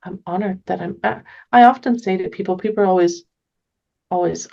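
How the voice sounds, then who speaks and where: A woman talking earnestly as a podcast guest, gentle and often restarting her sentences. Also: mid-range voice, brisk, vocal fry, muffled recording. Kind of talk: casual conversation.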